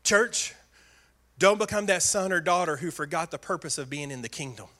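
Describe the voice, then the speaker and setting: A man's voice: fairly high pitch, lively intonation, quick pace, sharp tone. A male pastor preaching a sermon earnestly, stressing points through repeated phrases.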